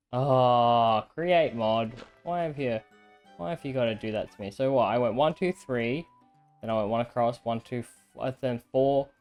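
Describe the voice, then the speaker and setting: A man giving casual, self-mocking gameplay commentary as he builds, with bursts of excited exclamation. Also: mid-range voice. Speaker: gaming content creator.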